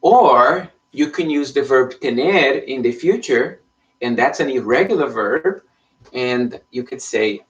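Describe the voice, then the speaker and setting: A man's voice: mid-range voice, lively intonation, measured pace. A man teaching an online Spanish lesson in English, explaining patiently and checking in with frequent "okay?". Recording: voice somewhat far from the mic.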